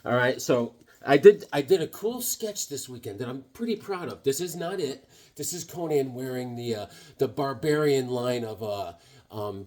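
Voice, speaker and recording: A man chatting casually as a comic book vlogger, joking and rambling with sudden loud bursts while he shows off his sketches. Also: a little high, slight background noise. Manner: excitable, jokey, rambling, with sudden loud outbursts. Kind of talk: casual chat showing sketches.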